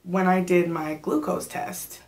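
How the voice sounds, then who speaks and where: A pregnant woman in her thirties chatting casually in a vlog, telling stories with animated quoted asides and sometimes getting out of breath. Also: lowish voice, measured pace. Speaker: vlogger.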